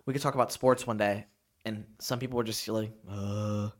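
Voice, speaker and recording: Quick chatty young man. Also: fairly low pitch. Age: young adult. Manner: chatty, animated storytelling. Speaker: podcast co-host. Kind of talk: casual chat.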